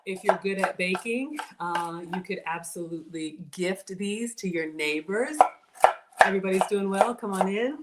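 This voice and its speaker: A woman's voice: medium pitch, moderate pace, heavy background noise. A woman with a Southern US accent hosting a casual cooking livestream from her home kitchen, chatty and self-deprecating as she talks to viewers. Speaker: cooking show host.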